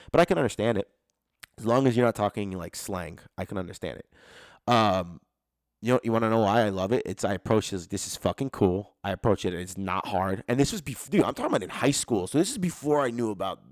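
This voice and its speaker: A man's voice: fairly low pitch, no echo. A young adult man hosting a solo podcast, talking casually and bluntly with lots of swearing and pep-talk energy. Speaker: podcast host.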